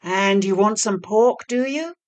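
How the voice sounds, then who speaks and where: A woman voicing a bossy male master devil in a storybook tale, commanding and booming. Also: measured pace, lightly acted. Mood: sly.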